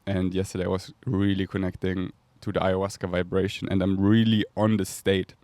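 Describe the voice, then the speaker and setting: Man with german accent, deepish voice, dreamy rambling podcast talk, very dry sound. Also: level tone, a little fast, mellow, no room sound. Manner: dreamy, rambling, laughs often, makes breathy whooshing sounds. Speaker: podcast host. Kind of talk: casual spiritual monologue.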